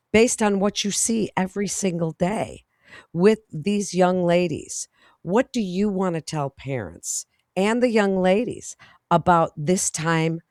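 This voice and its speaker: A woman's voice: on the low side, a little mellow, no echo, studio quality. A woman in her fifties hosts the interview, framing her questions at length in a friendly way. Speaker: host.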